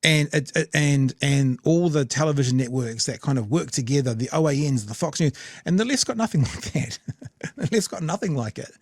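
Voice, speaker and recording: A man's voice: on the high side, lively intonation, brisk, dry recording, clean studio sound. A man with a New Zealand accent hosting a podcast, rambling in casual commentary with frequent restarts. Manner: rambling, conversational, many restarts. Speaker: podcast host.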